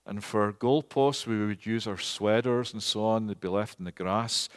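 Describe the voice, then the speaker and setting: Preacher in a ringing hall. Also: male voice, fairly low pitch, moderate pace, clean tone. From Scotland. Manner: animated, rises to loud emphatic peaks. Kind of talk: storytelling sermon. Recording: long hall reverb.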